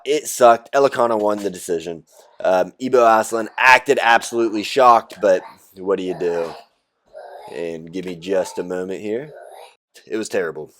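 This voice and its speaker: A man's voice: lowish voice, moderate pace. A man hosting a solo recap show, talking through fight results in a casual, blunt, chatty way with loose fillers. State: out of breath. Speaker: podcast host recapping fights.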